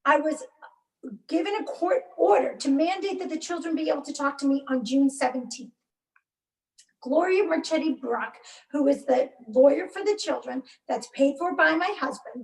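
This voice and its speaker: Woman in her 40s, high gravelly voice, heated and halting guest account, caught by a distant mic in an echoey room. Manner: emotionally charged, halting, with bursts of anger. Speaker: interview guest. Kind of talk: personal account in a podcast interview.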